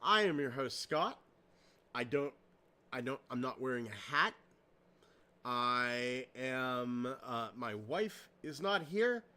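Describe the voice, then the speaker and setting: A man's voice: mid-range voice, animated, slow pace, sharp tone. A man hosting a casual podcast at his home computer, cracking crude jokes and poking fun at himself. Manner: crude, joking, self-deprecating. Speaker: podcast host.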